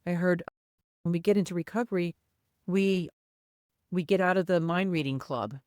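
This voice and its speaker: A woman with a low, smooth, resonant voice co-hosts a podcast, speaking earnestly and candidly. The sound is close and dry, with no room behind her. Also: fairly even intonation, normal speed, darkish tone, no room sound. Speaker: podcast co-host. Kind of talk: casual podcast chat.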